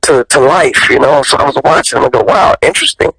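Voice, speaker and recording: A male actor telling stories as an interview guest, lively and profane, jumping up in pitch when he quotes people. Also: quick pace, creaky, slightly rough, no echo, poor audio. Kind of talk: animated storytelling in an interview.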